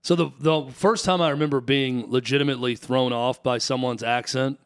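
A man's voice: medium pitch, steady tone, normal speed, clear, resonant tone. A man co-hosting a sports talk show, musing in a casual, conversational way. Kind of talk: casual chat.

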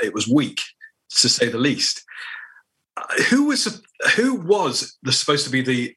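A man's voice: mid-range voice, bright, forceful tone. A man co-hosting a football podcast, rambling casually through his views and often restarting his sentences. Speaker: podcast co-host.

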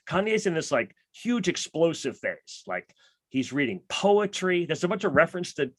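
Excitable man, dry close sound. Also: on the high side, normal speed, no room sound. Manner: enthusiastic, rambling, lots of "like". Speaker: podcast host. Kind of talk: casual chat about music.

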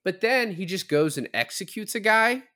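This podcast host has a high voice and a moderate pace. Chatting casually about films, he retells scenes with lively energy, voicing the characters' quoted lines.

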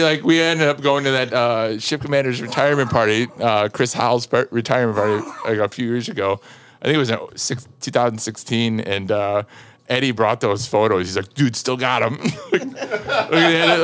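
A man's voice: medium pitch, normal speed. A man in his thirties telling a long anecdote in casual chat, laughing often and saying "like" a lot. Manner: animated storyteller, laughs often, many "like" fillers. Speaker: podcast guest.

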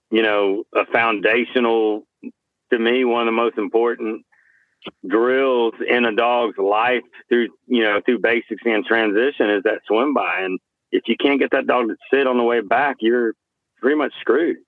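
A man's voice: medium pitch, steady tone, a little slow, no echo. A man, a guest dog trainer, talking in a plainspoken, matter-of-fact way over a remote call. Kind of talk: casual interview chat. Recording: tinny phone line.

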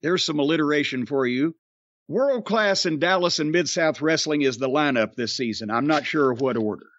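A man hosting a podcast, gruff and profane, trading wisecracks in casual banter. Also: a little high, moderate pace, fairly bright tone, a little hiss or hum. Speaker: podcast host. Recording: dry, dull lo-fi sound.

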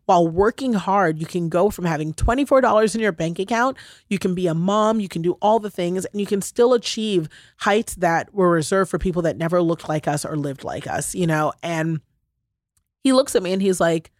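A woman's voice: fairly low pitch, moderate pace, no room sound, clean studio sound. A woman hosting a podcast, telling personal stories in a casual, heartfelt chat with lots of laughter. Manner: animated, laughing, gushing storyteller. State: briefly choked up. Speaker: podcast host.

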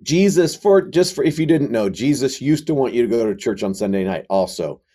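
A man speaking as a podcast guest, joking in a dry, deadpan way. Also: fairly low pitch, a little fast. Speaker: guest, comedy skit writer. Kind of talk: casual podcast conversation.

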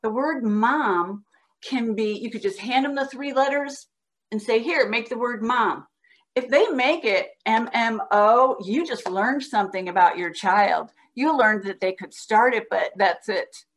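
A woman guest on a podcast, patiently explaining how to teach a child to read, sounding out words slowly as she demonstrates. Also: fairly high pitch. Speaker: guest reading educator. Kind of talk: instructional podcast talk.

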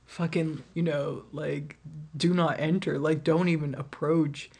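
A woman's voice: deep voice, steady tone, unhurried, a little mellow, slightly rough. A woman hosting her own podcast alone, talking frankly and casually, swearing freely and laughing often. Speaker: podcast host. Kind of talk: candid solo podcast monologue.

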